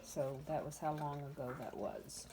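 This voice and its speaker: A woman's voice: low voice, normal speed, warm tone, a little hiss or hum. A woman in her fifties, a dog breeder, chatting casually and bluntly about her puppies at her kennel, with exasperated asides. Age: 50s. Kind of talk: casual vlog chat.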